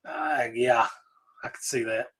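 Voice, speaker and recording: A man from Virginia hosts a casual livestream, rambling easily through viewer comments and often trailing off before starting over. His voice is medium-pitched, slow, fairly bright and husky, and the audio quality is poor.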